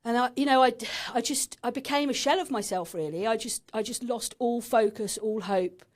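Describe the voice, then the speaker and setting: A woman's voice: a little high, normal speed. A woman in her thirties from England, a podcast guest frankly telling a painful personal story and swearing now and then.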